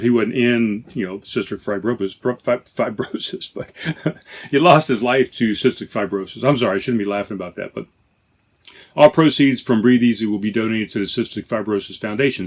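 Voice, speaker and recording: A man with a lowish voice hosts a laid-back podcast from inside a trailer. He talks in a loose, chatty way, often stopping to correct himself mid-sentence. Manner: rambling, self-correcting, chatty. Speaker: podcast host. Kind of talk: casual beer-tasting chat.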